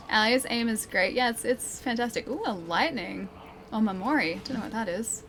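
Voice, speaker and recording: A woman's voice: a little high, normal speed, noisy background. An Australian woman streaming a game live, chatting playfully, laughing often and answering her chat. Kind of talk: live gameplay commentary, reading chat.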